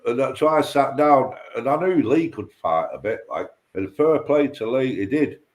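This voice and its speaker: A man's voice: mid-range voice, lively intonation, moderate pace. A man, a guest in a casual chat, telling a rambling, sweary story about a pub fight. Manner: rambling, heavy swearing, acts out quoted voices.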